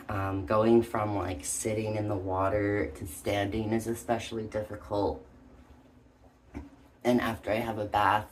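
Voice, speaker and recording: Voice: mid-range voice, level tone, unhurried, a little hiss or hum. A vlogger talking casually and hesitantly, out of breath, with many ums and likes. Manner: hesitant, full of "um" and "like". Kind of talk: casual personal vlog.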